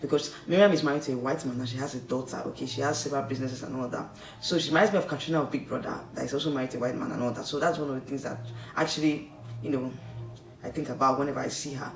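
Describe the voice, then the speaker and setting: With faint music behind him, a Nigerian-accented vlogger races through a chatty, rambling review of a reality show, repeatedly tagging "okay?" and "like, seriously" to check in with the listener. His mid-range voice is steady and creaky. The recording has an echoey room, a distant mic and faint noise.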